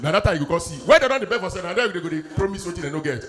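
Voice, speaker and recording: A man with a Nigerian Pidgin accent doing an animated stand-up set, acting out his bits loudly. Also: sits high, fast talker, few pauses. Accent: Nigerian Pidgin English. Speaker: stand-up comedian.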